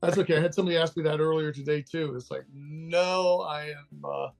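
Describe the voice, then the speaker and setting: A man's voice: a little high, steady tone, a little fast, vocal fry, faint music behind. An older man from Texas, a guest in a casual interview, talking candidly and laughing easily. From Texas, USA. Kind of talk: casual interview over a call.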